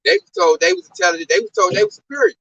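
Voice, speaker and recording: High, bright-voiced emphatic man. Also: racing, husky, dry recording, highs cut off. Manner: emphatic, slangy, animated storytelling. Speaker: discussion speaker. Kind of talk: casual religious discussion. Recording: distant mic, dry sound.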